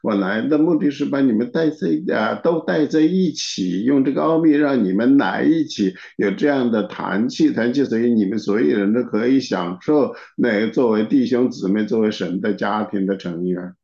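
Gravelly dark-voiced male sermon interpreter. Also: mid-range voice, normal speed, few pauses. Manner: steady, with frequent filler particles. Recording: dull, echoey room recording.

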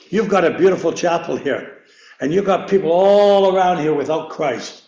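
An older man preaches a loose, rambling sermon, tripping over and repeating his words and chuckling at himself. His voice sits high, and the chapel around him rings with echo. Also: normal speed, creaky, darkish tone, highs cut off. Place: church chapel. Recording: echoey room.

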